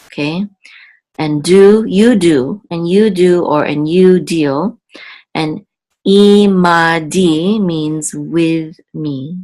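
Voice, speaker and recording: A woman teaching Biblical Hebrew word by word, patient and halting, often correcting herself. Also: low voice, a little mellow. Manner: halting, with many fillers and self-corrections. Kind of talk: slow, patient word-by-word lesson.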